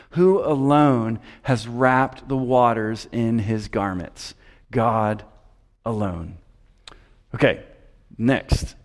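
A male pastor delivers an expository sermon in a steady, unhurried voice. He stresses key phrases and asks questions of the congregation. His words carry a long reverb from a large church hall. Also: mid-range voice. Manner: measured, emphatic preaching with repeated phrases and rhetorical questions.

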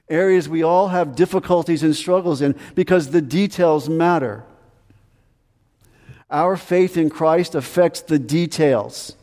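Male pastor, sermon, slightly high voice, very slow deliberate delivery, long hall reverb. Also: darkish tone. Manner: earnest, emphatic preaching with repeated commands.

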